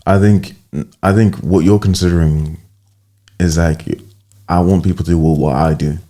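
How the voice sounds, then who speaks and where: A young man co-hosting a casual late-night podcast, laid-back and quick to laugh while pushing back. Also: low voice, steady tone, warm tone. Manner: laid-back, laughs easily, plays devil's advocate. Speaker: podcast co-host.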